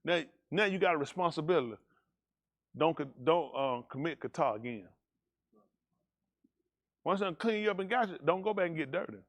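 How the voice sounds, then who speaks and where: A pastor, preaching loud and emphatic to his congregation. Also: on the high side, animated. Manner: loud, emphatic, quick preaching with call-and-response. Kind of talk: preaching a sermon.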